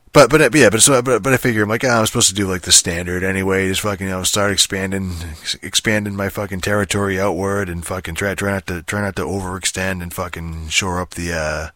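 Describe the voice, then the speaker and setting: A young man talks in a loose, rambling way, cursing constantly and tripping over his own restarts. His voice sits very low but has a bright, forceful edge. The recording is dry and close. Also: no room sound. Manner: profane, rambling, frequent restarts and fillers. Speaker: gamer talking about a strategy game. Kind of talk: rambling casual monologue.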